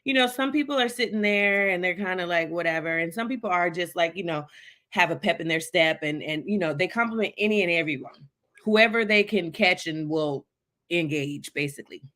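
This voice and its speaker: Woman co-host rambling along, low-ish voice, lots of likes and you-knows. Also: fairly bright tone. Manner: rambling, lots of fillers, quick bursts. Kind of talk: casual chat.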